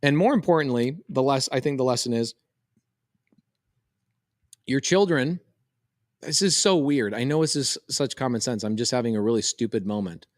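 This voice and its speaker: A man, telling a lively story on a podcast and acting out the voices. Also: medium pitch, moderate pace, long pauses, no echo, studio quality. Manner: animated, quotes voices in a story. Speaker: podcast co-host. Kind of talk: casual storytelling chat.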